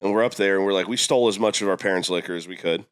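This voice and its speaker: A young man from Florida telling a long, animated story on a podcast, jumping his voice up high when quoting people. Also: rapid-fire, clean tone. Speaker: podcast guest. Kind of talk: casual storytelling.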